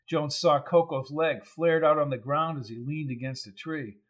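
A man reading a crime novel aloud in even, measured scripted narration. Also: on the high side. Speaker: audiobook narrator.

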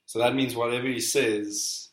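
A man's voice: medium pitch, steady tone, normal speed. A man co-hosting a casual football podcast, playfully reading out quotes in a quiz. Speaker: podcast co-host. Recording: roomy echo.

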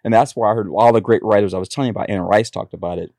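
A man's voice: on the low side, steady tone, racing, darkish tone, no echo, studio quality. A man telling personal stories as a guest in a casual interview, rambling with frequent restarts. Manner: rambling storytelling with many restarts. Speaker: author and actor, guest.

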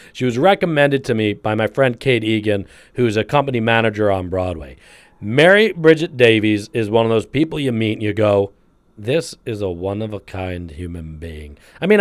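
A man's voice: medium pitch, dry recording. Enthusiastic male podcast host, dry mic. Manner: enthusiastic, lively, rambling with fillers. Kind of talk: podcast introduction.

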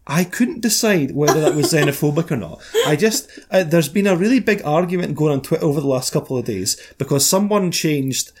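A man's voice: a little high, expressive, a little fast, hardly any pauses, noisy background. A man co-hosting a podcast, chatting casually with dry, pedantic teasing. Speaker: podcast co-host. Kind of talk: casual chat.

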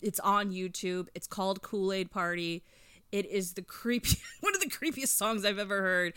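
A chatty woman in her thirties tells a music story with lots of fillers and plenty of enthusiasm. Her voice is bright and crisp. It sounds dry and close, with no room around it. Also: medium pitch, moderate pace, no echo. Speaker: podcast co-host reviewing an album. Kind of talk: casual podcast chat.

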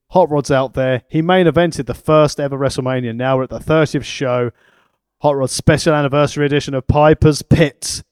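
A man co-hosting a podcast, recapping events in a dry, deadpan casual chat. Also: medium pitch, clear, resonant tone, dry recording. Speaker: podcast co-host.

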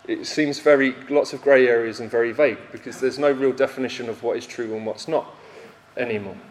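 A man's voice: medium pitch, darkish tone, a little hiss or hum. Young male preacher, mid-range voice, self-deprecating storyteller who stumbles and restarts, recorded in a roomy hall with long reverb. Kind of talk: sermon.

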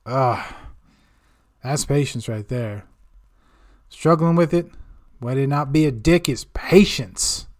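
A man's voice: mid-range voice, slow pace, long pauses. A man hosting a podcast segment, talking casually in a rambling, self-mocking way and swearing constantly. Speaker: podcast host. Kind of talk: casual profane monologue.

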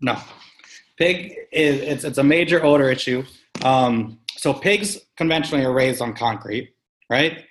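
A man talking as an interview guest about farming, telling an animated story with emphatic, punchy delivery and casual swearing. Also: mid-range voice, measured pace, a little hiss or hum. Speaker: guest, sustainable farming practitioner. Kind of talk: conversational storytelling.

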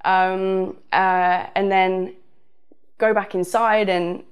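A woman's voice: mid-range voice, flat delivery, drawn-out words, smooth. A woman with a southern English accent telling a casual personal story, rambling with frequent fillers. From southern England.

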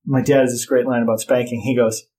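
A man's voice: medium pitch, little pitch movement, quick pace, dark tone. A middle-aged man in casual chat, telling blunt, profane stories about parenting.

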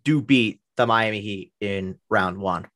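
A man's voice: fairly low pitch, unhurried, a bit bright. A man co-hosting a podcast in casual sports chat, opinionated and given to repeating words as he starts. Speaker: podcast co-host.

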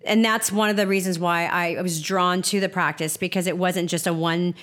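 A middle-aged woman hosting a podcast, talking in an effusive, chatty way and thanking her guest warmly. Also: on the low side, fairly even intonation, moderate pace. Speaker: podcast host. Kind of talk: casual interview chat.

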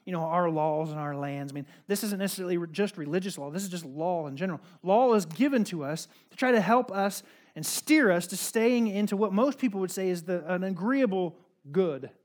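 A male pastor giving a casual, conversational sermon, full of asides and fillers, swinging between loud emphasis and quiet remarks. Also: high voice, brisk.

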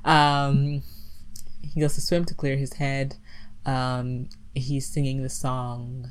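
Slowly and in a bass voice, with slight background noise, a woman retells a movie's plot as a podcast co-host. The chat is casual, and her animated storytelling is giggly and packed with fillers like "like" and "um."

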